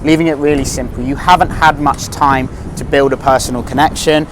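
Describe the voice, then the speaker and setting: A man from London coaching viewers in a relaxed voice-over, explaining step by step. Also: mid-range voice, fairly quick, background noise. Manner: relaxed, explanatory, slightly rambling. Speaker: dating coach. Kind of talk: instructional voice-over.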